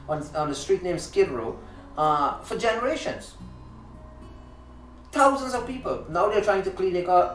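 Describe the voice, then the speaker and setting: Indignant talk show host, echoey room. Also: male voice, sits high, far from the mic. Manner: emphatic, indignant, with restarts. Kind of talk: impassioned monologue.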